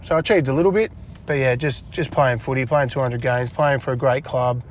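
Brief: Australian man, medium pitch, chatty storyteller, laughs a lot, faint car noise behind. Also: fairly quick. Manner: chatty, laughs often, acts out dialogue in a raised voice. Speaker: interview guest, retired footballer. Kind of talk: casual storytelling interview. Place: inside a parked car.

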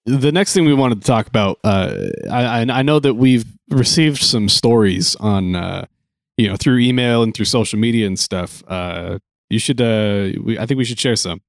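A man's voice: medium pitch, moderate pace, dry recording, studio quality. A man telling a long work anecdote in casual chat, acting out the people he quotes. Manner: animated, acts out quoted dialogue. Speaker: guest telling a story. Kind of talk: casual storytelling.

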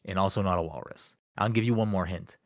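A man's voice: sits low, fast, dry recording, studio quality. A man hosting a casual podcast chat, playfully quizzing a friend and teasing him. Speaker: podcast host.

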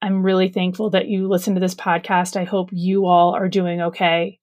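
A woman's voice: on the low side, level tone, normal speed, darkish tone, no echo, studio quality. A woman hosting a solo podcast as a parent, talking in an earnest, urging way and repeating her calls to action. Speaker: podcast host.

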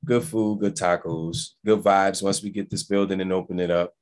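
A man's voice: low voice, fairly even intonation, moderate pace. A man in his thirties with a New Orleans accent, chatting casually as a guest business owner and often echoing his partner's words. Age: 30s. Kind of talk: casual chat.

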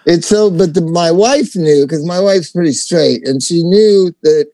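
A man's voice: a little high, unhurried, mellow, no echo. A middle-aged man calling in to a casual chat, reminiscing in a wistful way and repeating himself. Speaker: guest caller.

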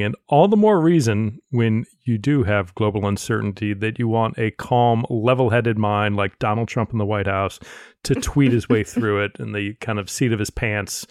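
A man co-hosting a political podcast, speaking in a measured way with dry sarcasm. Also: on the low side, dry recording. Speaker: podcast co-host. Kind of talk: casual political podcast chat.

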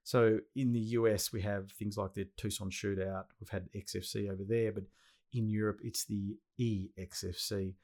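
A man's voice: on the low side, flat delivery, moderate pace, a little mellow. An Australian man hosting a casual podcast interview, enthusiastic and slangy, often repeating himself. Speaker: podcast host.

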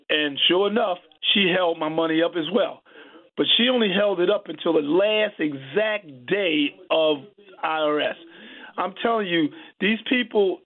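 A man calling in to a radio show, emotional and rambling, restarting his sentences often. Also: fairly high pitch. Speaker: caller. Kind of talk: radio call-in. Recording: tinny phone line.

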